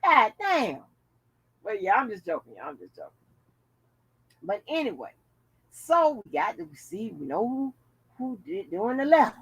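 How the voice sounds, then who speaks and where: A woman's voice: on the high side, sing-song, unhurried, long pauses, a bit bright, breathy edge. A woman hosting a casual commentary vlog, chatting bluntly and jokingly to her viewers with plenty of profanity. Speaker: channel host.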